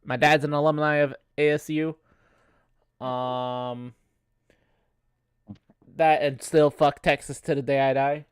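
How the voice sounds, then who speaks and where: A man with a lingering cough rambles through a casual sports chat with fillers and curses. His voice is smooth and resonant. It sounds dry and close to the mic. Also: a little high, level tone, takes it slowly, pauses often, no room sound. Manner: rambling, frequent fillers and swearing. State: has a cough. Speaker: podcast host.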